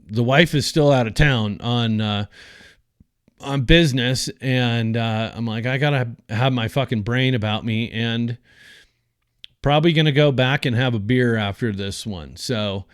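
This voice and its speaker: A man's voice: medium pitch, measured pace, clear, resonant tone, no room sound, clean studio sound. A man telling a story from his own life on a podcast, swearing freely and acting out the quoted lines of the people in it. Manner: profane, animated retelling with quoted dialogue. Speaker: podcast host. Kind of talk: casual storytelling.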